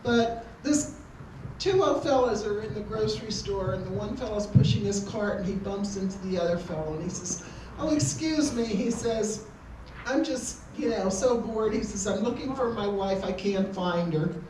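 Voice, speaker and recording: A woman's voice: medium pitch, normal speed, dark tone, a little hiss or hum. An older woman doing stand-up on a community stage, telling jokes in an easygoing, anecdotal way. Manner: easygoing, anecdotal joke delivery. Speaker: amateur stand-up comedian. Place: community hall with an audience. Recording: echoey hall, distant room mic.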